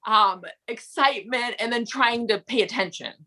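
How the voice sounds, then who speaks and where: A woman from Minnesota with a Minnesota accent, a guest author telling her story in an interview, giggly and animated. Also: on the high side, moderate pace. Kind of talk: casual interview.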